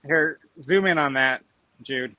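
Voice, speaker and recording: A man's voice: fairly high pitch, slow, dry recording. A man chatting casually on a group live stream, telling stories and acting out what commenters say. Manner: animated storyteller, acts out commenters' voices. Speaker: YouTuber guest.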